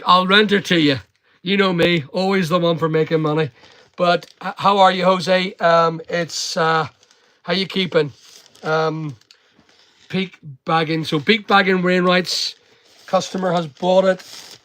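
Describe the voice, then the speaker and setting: A man's voice: high-pitched, fairly bright tone, no room sound. A middle-aged man rambling casually to his viewers in a vlog, jumping between topics and breaking off to greet people. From United Kingdom. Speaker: online seller and vlogger.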